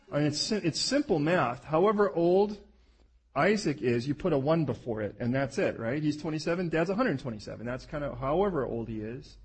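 A man preaching a sermon, telling the scripture story with animated asides and playful acted-out voices. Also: fairly high pitch, husky.

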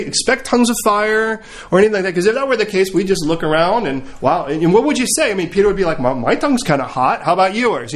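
A man preaching a sermon. He tells stories with humor and acts out the scenes as he goes. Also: high voice. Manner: animated, humorous storytelling, acting out scenes.

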